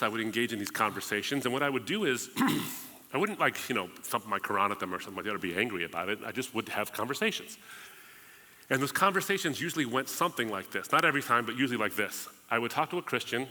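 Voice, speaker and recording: Bright-voiced man telling his story. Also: medium pitch, big-room sound. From United States. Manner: humorous, conversational, acts out past dialogues. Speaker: guest speaker. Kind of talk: storytelling testimony at a live event. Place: church auditorium.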